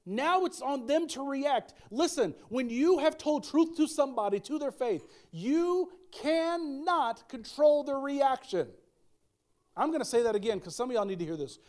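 A man's voice: very high-pitched, a little mellow. A middle-aged male pastor preaching a sermon, emphatic, with folksy asides and repeated key lines.

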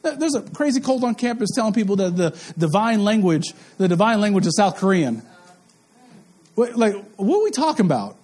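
Preacher, male, very high voice, fervent and repetitive, quizzes the congregation. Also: very animated, a little fast, a little mellow. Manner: impassioned, repetitive, asks the crowd questions. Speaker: pastor. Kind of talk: sermon.

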